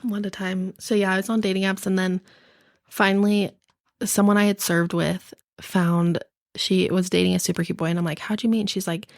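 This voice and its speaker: A woman's voice: mid-range voice, little pitch movement, fairly quick, creaky, dry recording, studio quality. A young woman guest telling stories in casual chat, bubbly and laughing often. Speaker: podcast guest.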